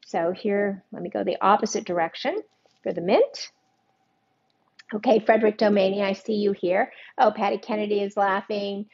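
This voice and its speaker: A woman's voice: medium pitch, steady tone, moderate pace, gravelly, darkish tone, highs cut off. An older woman hosting a live-streamed cooking demo, chatting casually, joking at her own expense and greeting viewers by name. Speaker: cooking show host.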